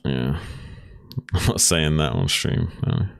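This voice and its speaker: A man's voice: a bass voice, very animated, takes it slowly, vocal fry, no echo. A man who casts games, chatting casually in a rambling, teasing way. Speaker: game caster. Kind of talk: casual chat.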